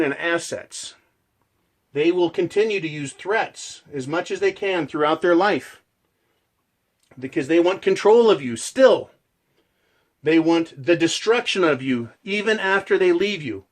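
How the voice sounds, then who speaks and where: Man, ranting monologue, forceful, profane, slightly high voice. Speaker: channel host.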